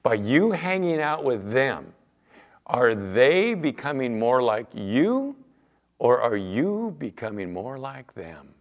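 A middle-aged man preaching as a pastor, telling everyday stories in a chatty way and acting out the back-and-forth of conversations. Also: mid-range voice. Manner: chatty storyteller, acts out quoted exchanges, fillers like "you know". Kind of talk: conversational sermon with anecdotes.

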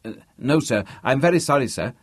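A man's voice: medium pitch, animated, fairly quick, slightly rough, no echo, clean studio sound, pitched above the performer's own voice. A man voicing a nervous young chauffeur who speaks deferentially and whimpers his replies.

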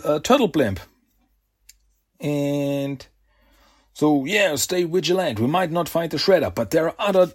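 A man hosting a podcast, casually recapping a comic in a chatty, animated way and slipping into character voices. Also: on the high side. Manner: chatty, animated retelling with laughs and voiced asides. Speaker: podcast host.

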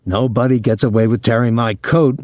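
A man voicing a burly, belligerent soldier with a gruff manner, reading a novel. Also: medium pitch, steady tone, a little fast, darkish tone, dry recording, studio quality, close to an everyday voice. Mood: angry. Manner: gruff, blustering.

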